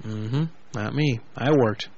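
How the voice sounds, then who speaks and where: A man's voice: mid-range voice, slow, highs cut off, background noise. A young man hosting a prank call internet radio show, crude and joking, swearing often. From Orlando, Florida. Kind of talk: casual internet radio banter.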